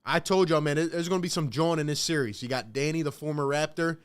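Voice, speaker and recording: A man's voice: a little high, fast, smooth. A young man hosting a casual live stream, calling play-by-play and reacting, talking slangy and straight to his chat from a home setup.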